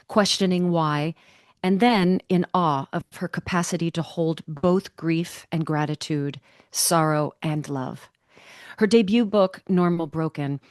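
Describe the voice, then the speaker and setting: A woman podcast host with a lowish voice who talks expressively and leans into her words, pitch leaping up when something excites her. She moves between a carefully read introduction and relaxed, friendly interview chat. The sound is close and dry, with no room around it. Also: no room sound.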